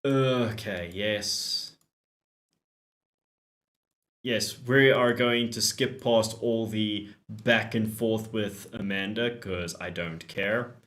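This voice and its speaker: A man's voice: on the low side, fairly even intonation, takes it slowly, fairly bright tone. A man hosting a gaming channel, giving joking, chatty let's-play commentary while reading the dialogue.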